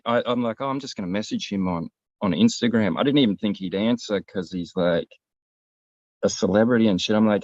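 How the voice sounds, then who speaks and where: A man's voice: fairly low pitch, steady tone, moderate pace, a little mellow, no room sound. A man, co-hosting a casual show and telling a long, rambling, profane story. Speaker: podcast co-host. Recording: dull, lo-fi, dry sound.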